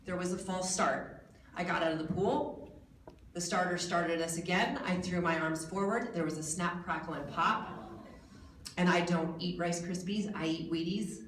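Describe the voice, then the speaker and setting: An American woman in her forties gives a keynote speech to a crowd in a hotel hall, with a voice that sits a little low for a woman. She tells her story in a jokey way and pokes fun at herself. She is heard from some way off the mic, and the hall gives her voice a lot of echo. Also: slight background noise. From United States. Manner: jokey, self-mocking storytelling. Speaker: guest speaker. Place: large hotel event hall. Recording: echoey hall from a distance.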